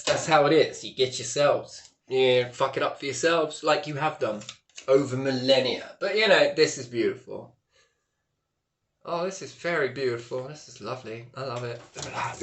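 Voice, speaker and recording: A man talking to camera in a casual vlog, rambling and swinging between low mutters and loud, excited exclamations. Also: roomy sound. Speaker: vlogger.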